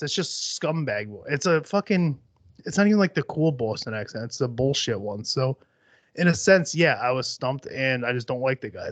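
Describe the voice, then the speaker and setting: A man's voice: medium pitch, no echo. A young man hosting a casual solo podcast, rambling bluntly with lots of swearing and fillers. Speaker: podcast host. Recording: slightly dull, dry sound.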